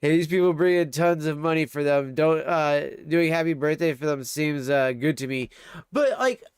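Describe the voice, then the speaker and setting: A man's voice: on the high side, moderate pace, smooth, dry recording, studio quality. A man livestreaming from home, chatting casually and ranting crudely while he reacts to a video. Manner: crude, ranting, swears often.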